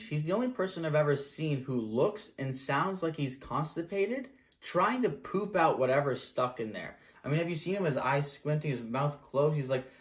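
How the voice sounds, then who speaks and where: A man hosting a satirical comedy show, speaking in a fairly high voice. He delivers his monologue with sarcastic, mock-earnest praise.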